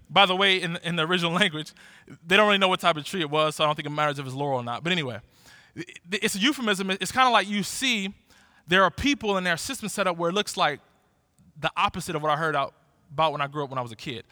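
A man in his forties preaching a sermon in a lively, conversational way, often restarting his words. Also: high voice, dry recording, studio quality. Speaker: pastor.

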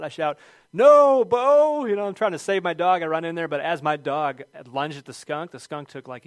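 A middle-aged man preaching a sermon, telling a funny personal story with lively shouted quotes before returning to scripture. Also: medium pitch, dry recording. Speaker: pastor.

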